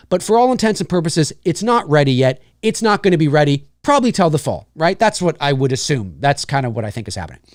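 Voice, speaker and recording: A man hosting a live show, talking casually and giving his opinion, animated and repeating himself with frequent restarts. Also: sits high, dry recording, studio quality.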